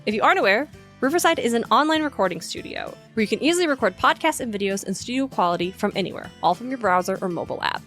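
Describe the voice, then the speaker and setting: Lively chatty woman podcast host. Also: fairly high pitch, rapid-fire, faint music behind. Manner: lively storyteller, chatty with many "like" fillers. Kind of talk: casual podcast chat.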